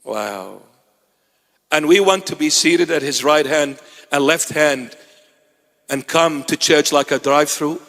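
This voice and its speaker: Man, native Assyrian speaker, bishop's sermon: high voice, lively teasing delivery, long church reverb. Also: a little slow, pauses often. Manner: animated, teasing asides to the congregation.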